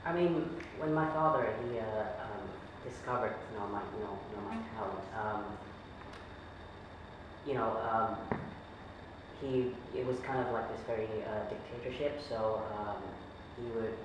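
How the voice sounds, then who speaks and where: A man's voice: lowish voice, unhurried, natural voice. A man playing a famous male pop star in a comedy sketch, speaking hesitantly with many fillers and restarts. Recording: echoey room, distant mic, noisy.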